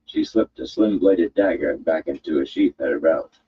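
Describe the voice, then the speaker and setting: A man reading a fantasy story aloud with expressive, measured narration. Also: rumbling low, muffled recording, noisy background. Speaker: audiobook reader.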